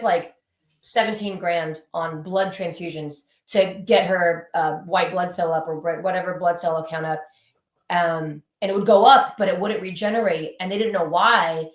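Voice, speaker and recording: A woman in her thirties, a punk band musician, telling stories animatedly in a casual interview chat from her home, swearing freely. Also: lowish voice. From Southern California. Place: home, indoors with dogs. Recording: echoey room.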